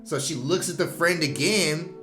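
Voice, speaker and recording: A man casually recapping a horror movie, animated and slangy, acting out the characters' lines and laughing often. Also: on the high side, normal speed, reverberant, faint music behind. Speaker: movie reviewer.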